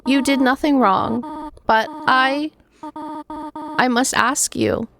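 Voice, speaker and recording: A woman reading game dialogue aloud as a gentle, motherly female goat queen who speaks formally and slowly. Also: high voice, a crowd in the background. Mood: sorrowful. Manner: formal, slow and tender. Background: game music.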